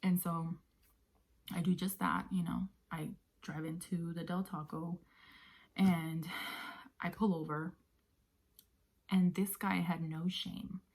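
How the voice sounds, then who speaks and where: Soft-spoken woman with a husky, breathy voice. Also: fairly low pitch, level tone, takes it slowly, pauses often. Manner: often drops to a breathy near-whisper; conversational with many fillers like "you know". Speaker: vlogger telling a story. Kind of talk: casual storytime vlog.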